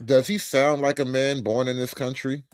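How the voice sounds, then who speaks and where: A man's voice: medium pitch, little pitch movement, moderate pace. A man from the United States hosting a casual reaction commentary, joking around with profanity and slang. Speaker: commentary host.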